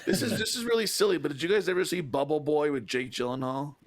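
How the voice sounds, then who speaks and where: A man's voice: a little high, fast talker, crowd noise. A man hosting a casual film podcast, chatty and swearing freely. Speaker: podcast host. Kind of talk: casual chat.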